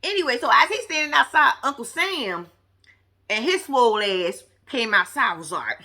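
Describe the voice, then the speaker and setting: Talking directly to the viewer, a woman delivers casual, animated reality-show commentary full of sass and slang, the way a reviewing vlogger would. She speaks at a normal speed in a fairly high voice.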